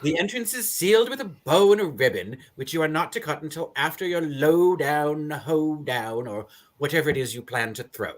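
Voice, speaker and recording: A woman's voice: sits low, animated, normal speed, few pauses. A woman reading the part of a witty, sardonic female decorator in a live script reading. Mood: cutting. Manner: crisp, dry, sardonic comebacks. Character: sharp-tongued witty female interior decorator.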